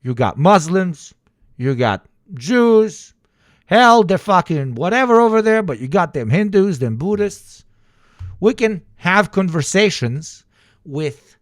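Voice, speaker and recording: Animated, profane male streamer ranting. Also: high voice, no echo, clean studio sound. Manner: profane, animated ranting with sarcastic mock voices. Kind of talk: casual livestream commentary.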